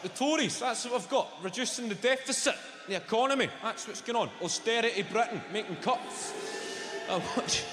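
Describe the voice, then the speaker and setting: On stage in a big venue, a Scottish comic with a Glaswegian accent delivers crude, brash material and talks with the crowd. He speaks fairly quickly in a very high voice, recorded in an echoing hall full of loud laughter.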